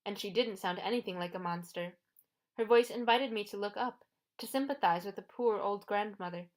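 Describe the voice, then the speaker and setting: A woman reading a first-person adventure audiobook in a steady storytelling voice. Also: mid-range voice, normal speed. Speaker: audiobook narrator.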